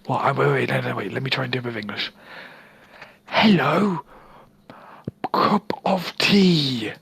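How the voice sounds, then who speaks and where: A young man co-hosting a casual comedy podcast, rambling and often dropping into a breathy whisper. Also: medium pitch, fairly even intonation, racing, a bit bright, dry recording. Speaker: podcast co-host.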